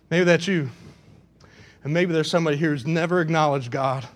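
High-pitched preacher guy, gets loud and fervent then drops to a near hush, pleading with the church. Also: expressive, moderate pace. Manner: swings between loud passionate preaching and hushed pleading. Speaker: pastor. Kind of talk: sermon. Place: church in front of a congregation.

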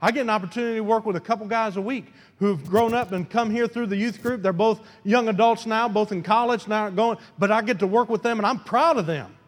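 A pastor with a very high voice preaches a fervent sermon, repeating key phrases and slipping into colloquial asides. His voice carries a long reverb, as if it fills a large church sanctuary. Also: a little fast, few pauses.

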